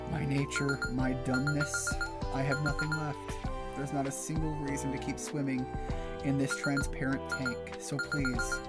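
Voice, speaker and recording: A grieving, lonely creator pleads to be loved, read aloud by a man. The delivery is slow and soft, and the voice sits a little high. Game music plays steadily underneath. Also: lightly acted. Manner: slow, soft, mournful reading. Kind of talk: reading game dialogue aloud.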